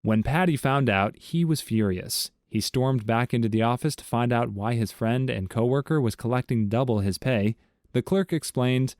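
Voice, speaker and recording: A man reading short jokes aloud as scripted narration, with a steady storytelling delivery. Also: mid-range voice, normal speed, no echo, clean studio sound. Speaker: joke narrator.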